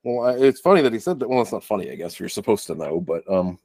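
A man with a lowish voice that swings widely and expressively talks through a film with a co-host, joking and putting on little voices for the characters. The sound is dry and close, with no room around it. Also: fast talker, no echo. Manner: animated, joking, acts out lines in silly voices. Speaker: podcast co-host. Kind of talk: casual movie review chat.

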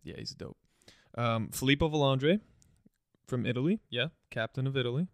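Gravelly man in a dry, close sound. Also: medium pitch, normal speed, dry recording. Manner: relaxed, hesitant with "um", teasing. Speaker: podcast co-host. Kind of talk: casual sports chat.

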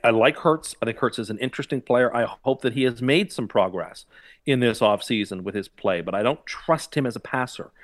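A man co-hosting a casual sports betting chat, measured and analytical in his picks. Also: on the low side.

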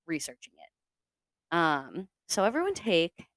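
A woman's voice: lowish voice, huge pitch swings, takes it slowly, fairly bright tone, dry recording. A young woman hosting a casual podcast, chatty and swearing freely, with lots of fillers. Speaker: podcast host. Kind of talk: casual true-crime podcast chat.

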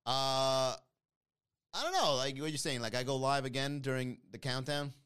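His voice is medium in pitch, clear and resonant, and he speaks at normal speed. As host of a live-streamed podcast, he banters with viewers and reads comments aloud in a joking, mocking manner, full of animated put-on voices.

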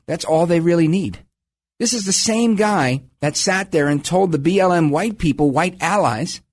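A middle-aged man hosting a radio talk show, ranting with sarcastic indignation in opinionated commentary. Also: sits high.

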